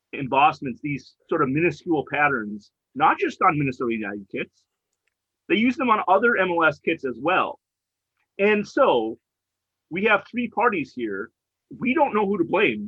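A man co-hosting a podcast, calmly reasoning things through in casual chat, on a dull, lo-fi mic. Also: on the high side, husky, no echo. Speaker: podcast co-host.

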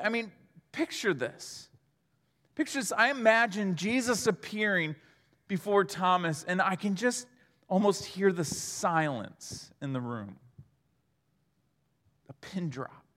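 Earnest high-voiced male preacher, slow. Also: in a large hall. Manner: earnest, builds from hushed to emphatic. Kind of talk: sermon.

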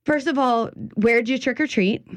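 A woman's voice: fairly high pitch, moderate pace, no room sound. Chatty woman radio host. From Louisiana. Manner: chatty, animated, playful storyteller. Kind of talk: casual radio chat. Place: radio studio.

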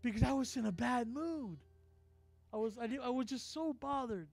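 A man preaching a sermon and telling a story in an animated way, acting out each person in it. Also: extremely high pitch, moderate pace, vocal fry, faint music behind. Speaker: apostle, preacher.

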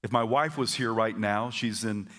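This man's voice runs on the low side as he preaches with energy in a church auditorium. As pastor, he leads the congregation in repeating lines back, stumbling into repeats and slipping in brief asides.

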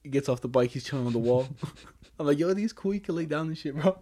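A man's voice: on the high side, expressive, fast talker, dark tone. A young man telling a story in casual chat, full of slang and fillers, laughing often.

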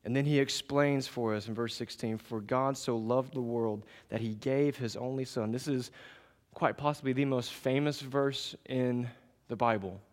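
Male preacher, sermon delivery, measured then emphatic, reverberant church hall. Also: mid-range voice, fairly even intonation. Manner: measured preaching that builds to raised emphatic passages. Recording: long reverb of a large hall.

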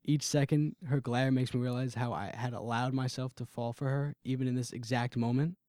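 Young guy reading his own heartbreak story out loud, intense and brooding, middle pitch, dry close mic. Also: fairly even intonation, brisk, dry recording. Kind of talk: first-person story reading.

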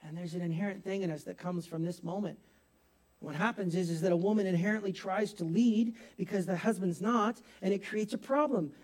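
Male pastor, very high voice, animated sermon delivery with quiet asides and loud peaks. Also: brisk. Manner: animated preaching, swings from soft asides to loud emphatic bursts; laughs at himself. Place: church hall with congregation.

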